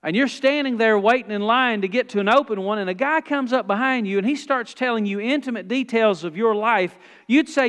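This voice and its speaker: A man's voice: sits high, fairly quick, few pauses. A man preaching a sermon in a church, folksy and emphatic. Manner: folksy, emphatic, rising to loud exhortation. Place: church sanctuary. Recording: long church reverb.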